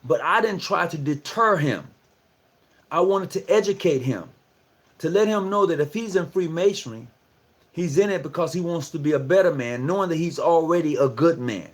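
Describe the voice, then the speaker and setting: A lodge speaker addresses fellow Masons in a casual livestreamed lecture, his voice a little high, animated, and at a moderate pace. His tone is conversational yet preachy, with repeated phrases and rhetorical questions.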